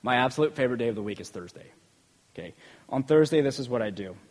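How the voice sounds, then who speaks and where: A man's voice: mid-range voice, animated, fast, in a large hall. A man preaching a sermon in a loose, conversational way, often checking in with "okay?" and building energy as he tells stories. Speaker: preacher and school PE teacher.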